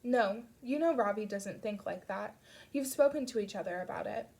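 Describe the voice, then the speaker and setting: A woman's voice: mid-range voice, moderate pace, gravelly, a little mellow, lightly acted. A woman reading an audiobook, voicing an earnest, weary teenage girl who investigates crimes, close to her own voice. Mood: reassuring.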